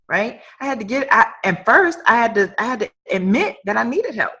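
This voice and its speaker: Speaking briskly and with hardly any pauses, a woman guest entrepreneur on an online live stream has a fairly high, pushed, bright voice that is very animated. In this motivational conversation she sounds emphatic and preacher-like, repeating phrases for weight.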